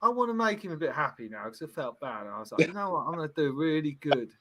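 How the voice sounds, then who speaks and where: Bright-voiced teasing man host. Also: on the high side, fast, a little hiss or hum. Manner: laughing, teasing, animated storytelling. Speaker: podcast host. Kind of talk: casual football banter.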